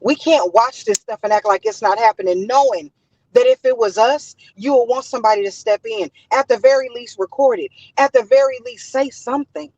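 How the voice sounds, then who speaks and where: Fairly quick and darkish in tone, her high, Los-flavored voice carries indignant, emphatic commentary as a host, with points repeated for force. The lo-fi recording is dull and has no echo.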